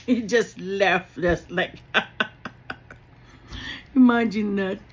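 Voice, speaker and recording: A woman with a Filipino accent giving an informal spiritual talk, earnest and animated, dropping in Tagalog phrases and laughing between them. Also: on the high side, takes it slowly, long pauses, low-quality recording. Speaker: faith speaker.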